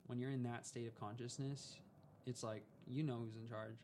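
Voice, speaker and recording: A young man telling a personal story as a podcast guest, calm and unhurried. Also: medium pitch, a little hiss or hum.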